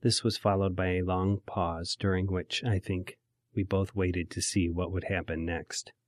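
A man hosting his own podcast, telling a personal memoir story in a quiet, measured, emotional way. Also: sits low, level tone, dry recording, studio quality.

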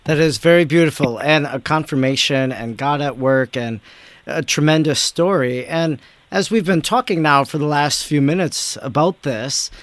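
A priest hosts the conversation, his voice slightly high for a man. He reflects thoughtfully before asking questions. The recording is close and dry. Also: no room sound. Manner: reflective, thoughtful with some restarts. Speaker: priest and interview host. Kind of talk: interview conversation.

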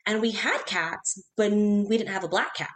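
Woman, casual storytelling chat, animated, quick bursts, even middle pitch. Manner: animated, quick bursts, acts out her own reactions. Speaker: podcast guest telling ghost stories.

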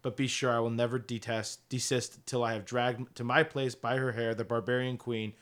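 A man reading aloud the lines of a proud, furious young prince, loud and threatening. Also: medium pitch, flat delivery, normal speed, close to an everyday voice. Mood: ranting.

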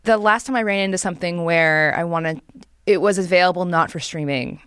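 A young woman co-hosting a podcast, chatting casually and telling animated stories, acting out quotes with quick laughs. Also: on the low side, clean tone, no echo, studio quality. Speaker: podcast co-host. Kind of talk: casual chat.

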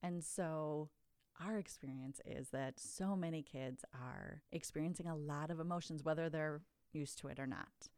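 A woman's voice: low-pitched, moderate pace, darkish tone, dry recording, clean studio sound. A woman hosting a podcast, guiding the casual conversation and introducing topics. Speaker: podcast host.

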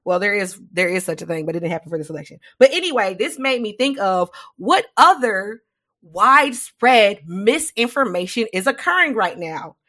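A woman co-hosting a casual podcast chat, telling stories in an animated, slangy way with quick asides. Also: fairly high pitch. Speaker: podcast co-host.

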